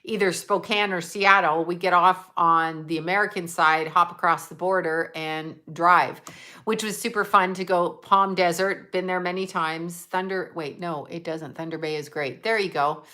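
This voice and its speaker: A woman's voice: fairly low pitch, normal speed, pushed and bright. A woman hosting a casual livestream from home, chatting in a bubbly way and reading out where her viewers are. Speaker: livestream host. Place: at home, just out of bed.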